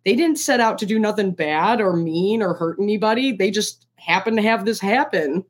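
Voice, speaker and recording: Woman, casual film-review chat, animated, mid-pitch voice, quick self-corrections. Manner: animated, quick restarts, acts out quotes.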